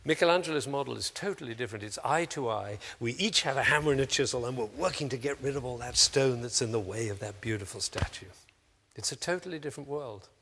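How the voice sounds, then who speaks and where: A man speaking to an audience of teachers, theatrical and animated, acting out the people he quotes in sudden high voices. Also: fast, vocal fry, in a large hall, slight background noise.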